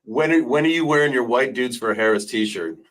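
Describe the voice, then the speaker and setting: A man's voice: medium pitch, fairly quick, fairly bright tone, low-quality recording. A man hosting a casual debate stream, joking and teasing his guest. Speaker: host.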